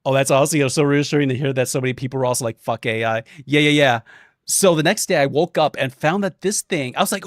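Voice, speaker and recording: A young man streaming, chatting casually and telling a story, animated and swearing, acting out quotes in different voices. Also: mid-range voice, fast, no echo, clean studio sound.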